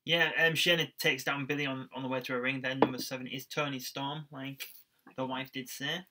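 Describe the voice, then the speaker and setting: Man, young adult, rambling casual podcast chat, bright tone. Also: mid-range voice, level tone, a little fast. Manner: rambling, chatty, with fillers and restarts. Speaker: podcast co-host. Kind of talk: casual chat reviewing wrestling.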